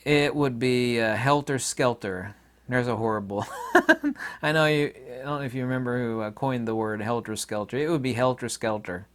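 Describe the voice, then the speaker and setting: Hosting his own channel, a man with a medium-pitched, brisk voice delivers a rambling, opinionated monologue to viewers, full of fillers and asides.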